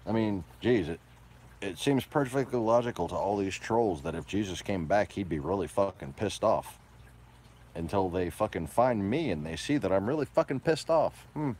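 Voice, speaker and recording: A man delivering a profane, combative ranting monologue, moving between low mutters and loud outbursts. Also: lively intonation, moderate pace, husky.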